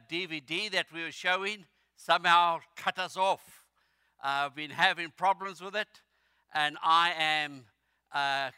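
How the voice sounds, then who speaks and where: A man in his sixties or older from South Africa, with a South African accent, preaching a sermon as a visiting missionary in a slow, halting way with many fillers. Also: fairly high pitch, pushed and bright, clean tone, no room sound, studio quality.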